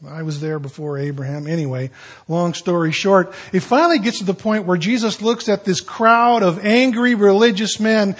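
Guy preaching, husky kinda breathy voice, folksy and jokey. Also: sits high, normal speed, a bit bright. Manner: folksy storytelling with joking asides. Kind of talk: sermon.

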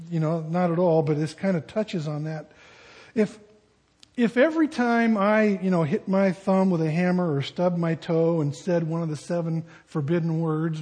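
Pastor guy preaching, kinda husky, high voice, chatty and jokey. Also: a little mellow. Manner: conversational, joking asides. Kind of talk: sermon.

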